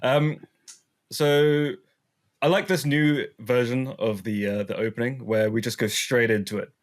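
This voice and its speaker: A man's voice: mid-range voice, fairly even intonation, a little slow. Giggly rambling man in casual chat. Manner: playful, giggly, rambling with fillers. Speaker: podcast co-host.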